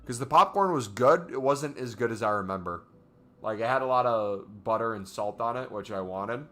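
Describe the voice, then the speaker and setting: A man's voice: medium pitch, normal speed, bright, forceful tone. A young man chatting casually on a gaming stream, rambling through stories with lots of fillers. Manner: rambling, filler-heavy storytelling.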